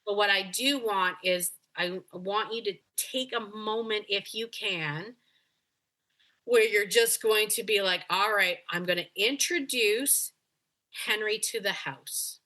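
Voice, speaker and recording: Bright, animated woman dog coach. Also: medium pitch, slow. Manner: animated, acts out dog and owner voices. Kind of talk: coaching call.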